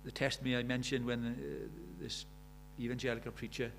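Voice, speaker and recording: A man's voice: medium pitch, level tone, a little fast, creaky, slight background noise. A man in his seventies preaching a sermon, pressing his congregation with earnest rhetorical questions. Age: 70s. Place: church.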